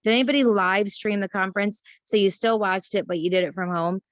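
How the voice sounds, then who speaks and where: A chatty woman with a drawl hosts a morning team call, telling stories with self-mocking humor and animated swings. Her voice sits at an ordinary middle pitch. It comes through a dull, dry video-call line. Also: fairly quick, no room sound. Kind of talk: casual motivational chat.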